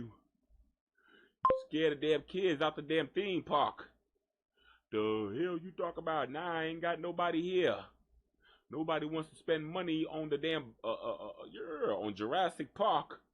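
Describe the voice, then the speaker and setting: A man hosting a live gossip show, joking and cursing in an animated, mocking way. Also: fairly high pitch, muffled recording. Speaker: host. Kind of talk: live gossip radio talk.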